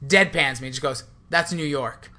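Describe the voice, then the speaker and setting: A man's voice: on the high side, measured pace, sharp tone. A young man co-hosting a podcast, telling a rambling story with lots of restarts in casual chat. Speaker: podcast co-host. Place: hotel in a city.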